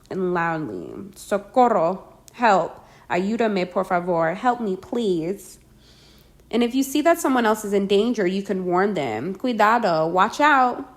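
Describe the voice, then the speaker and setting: Woman, lesson narration, slow careful phrases, medium pitch. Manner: clear, deliberate, slows down for the phrases. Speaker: language teacher. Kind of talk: scripted language lesson narration.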